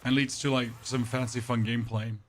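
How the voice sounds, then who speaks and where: A man's voice: medium pitch, little pitch movement. Guy streaming and ranting about a game, blunt and offhand, keeps restarting sentences, bit of hiss behind. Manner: candid, opinionated, halting restarts. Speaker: gaming streamer. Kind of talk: casual gameplay commentary.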